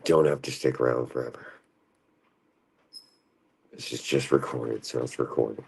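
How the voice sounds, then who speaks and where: A man's voice: fairly even intonation, a little slow, a little mellow. A man talking in a rambling, profane monologue on his own stream, restless and jumping between thoughts. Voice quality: gravelly, very deep.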